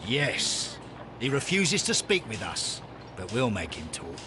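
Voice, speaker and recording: A smug police inspector. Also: male voice, medium pitch, wildly swooping pitch, takes it slowly, noisy background. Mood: brisk.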